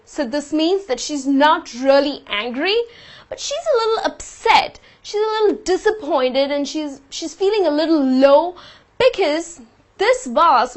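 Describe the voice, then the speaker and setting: High-voiced woman teaching words. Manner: patient, explains with example sentences. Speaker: English teacher. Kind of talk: explaining vocabulary lesson.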